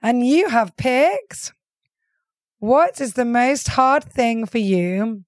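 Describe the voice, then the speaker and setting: A woman's voice: a little high, animated, slow pace, darkish tone, no room sound, studio quality. A woman hosting a casual interview, encouraging her guest and reading out questions. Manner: friendly, encouraging, prompting the guest. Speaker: podcast host.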